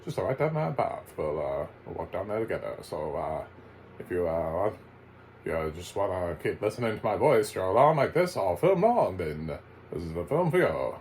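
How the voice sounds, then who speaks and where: A man doing a slow, drawling old neighbor. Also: sits low, sing-song, darkish tone, slight background noise. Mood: folksy. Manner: slow drawl with many hesitant pauses. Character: folksy elderly male neighbor, slow and hesitant.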